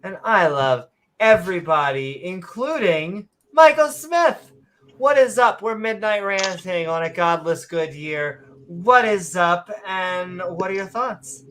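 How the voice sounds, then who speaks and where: A woman's voice: lowish voice, expressive, takes it slowly, a bit bright, a little hiss or hum. A woman hosting a casual livestream chat, bubbly and rambling, laughing often. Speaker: host.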